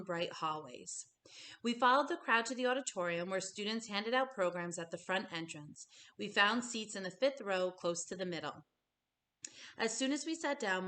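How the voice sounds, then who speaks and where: Woman, actor, storybook read-aloud, gentle, expressive, mid pitch. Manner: gentle, expressive, slowing on tender moments. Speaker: actor reading a children's book aloud.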